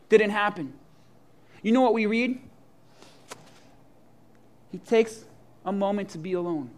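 A male pastor with a high voice delivers a sermon. He tells the story with animated energy, acting out the scenes and dropping from loud, excited passages to quiet, intense ones. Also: measured pace, long pauses.

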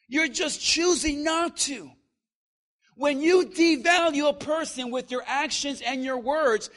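Male pastor preaching in church, really high bright voice, gets loud then drops quiet, jokes w the crowd. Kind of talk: sermon.

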